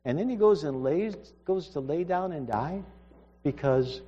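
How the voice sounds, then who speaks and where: A man's voice: a little high, expressive, a little slow. A man preaching a sermon, earnest and emphatic, often restarting his sentences. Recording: dull reverberant hall recording.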